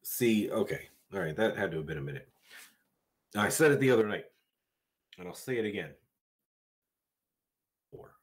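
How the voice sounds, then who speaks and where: A man's voice: lowish voice, animated, moderate pace, long pauses. A man streaming a game live, bantering with chat in a crude, joking way.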